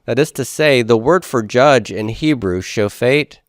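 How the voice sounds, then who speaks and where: A man's voice: mid-range voice, unhurried, no room sound, studio quality. A man teaching a Hebrew grammar class, explaining step by step and putting questions to the class before answering them himself. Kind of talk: classroom lecture.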